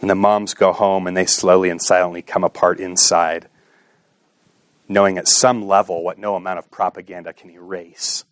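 A man preaching a sermon with impassioned delivery, asking rhetorical questions and swinging between hushed and raised passages. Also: low-pitched, level tone, normal speed, no echo. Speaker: pastor.

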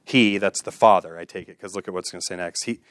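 A man's voice: low voice, quick pace, fairly bright tone, dry recording, clean studio sound. A man preaching a sermon with passion, repeating phrases and building to exhortations. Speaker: pastor.

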